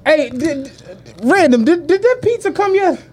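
Animated storytelling man, lively pitch. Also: normal speed. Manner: animated anecdote-telling, acts out quoted voices, slangy. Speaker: podcast co-host. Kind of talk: casual podcast chat, storytelling.

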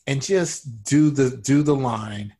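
A man's voice: mid-range voice, slow pace, warm tone. A man doing improv comedy on a podcast, playing a flustered, pleading director.

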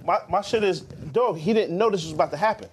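A young man in casual podcast chat, slangy and animated, laughing often. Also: sits high, quick pace, slight background noise.

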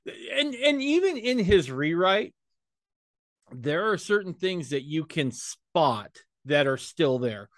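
A man's voice: a little high, big pitch swings, slow pace, a bit bright, no echo, clean studio sound. A man hosting a podcast interview, chatting casually and encouraging his guest to talk. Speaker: podcast host.

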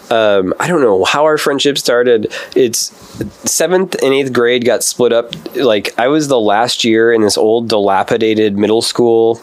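A man's voice: on the low side, no room sound. A man from Wisconsin telling a rambling, profane story as a podcast guest, full of filler words. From Wisconsin, USA. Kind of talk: casual storytelling.

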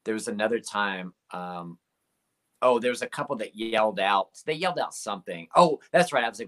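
Bright-voiced man telling stage stories. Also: on the low side, expressive, moderate pace. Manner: rambling, lots of "like" and fillers. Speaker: comedian guest. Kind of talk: casual storytelling interview.

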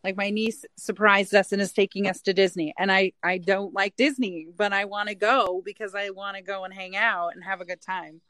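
A woman's voice: medium pitch, fairly even intonation, moderate pace, hardly any pauses, fairly bright tone, no room sound. Chatty woman in her forties, dry sound. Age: 40s. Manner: chatty, acts out quoted dialogue. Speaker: guest. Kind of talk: casual chat.

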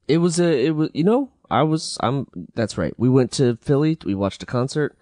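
Halting, self-mocking podcast host. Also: male voice, medium pitch, animated, darkish tone, no room sound, studio quality. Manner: halting, self-deprecating, many restarts. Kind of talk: casual banter.

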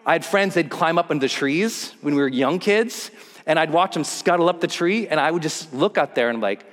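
A man's voice: fairly high pitch, normal speed, in a large hall. A man telling a personal story as a motivational speaker on stage, acting out the scenes. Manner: animated, acts out scenes and voices. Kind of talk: storytelling keynote talk.

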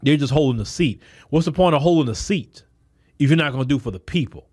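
A man hosting a podcast, delivering a blunt, emphatic solo commentary that restarts and repeats words as he pushes his points. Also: medium pitch. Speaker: podcast host. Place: Texas.

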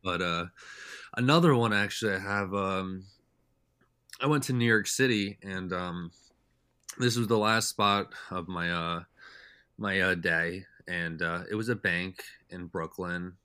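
A man's voice: low voice, unhurried, sharp tone, clear, resonant tone, no room sound, studio quality. A young man telling stories as a podcast guest in a loose, rambling way, full of "like" and "uh". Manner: rambling, heavy with "like" and "uh" fillers. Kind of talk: casual storytelling chat.

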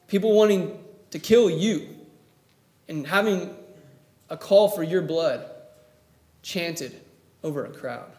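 A man's voice: a little high, darkish tone. A man preaching a sermon who retells a story vividly and acts out the quoted lines. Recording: echoey room.

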